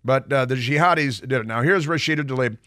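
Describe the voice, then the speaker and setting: A man's voice: mid-range voice, a little fast, sharp tone, no echo, clean studio sound. A middle-aged man hosting a radio talk show, delivering opinionated commentary in a combative, mocking way with sarcastic asides. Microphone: studio microphone.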